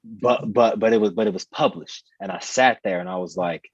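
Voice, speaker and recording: A man's voice: fairly low pitch, moderate pace, slightly rough, dry recording, muffled recording. A man in his thirties, a podcast guest telling a personal story in an earnest, reflective way, repeating phrases for emphasis. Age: 30s.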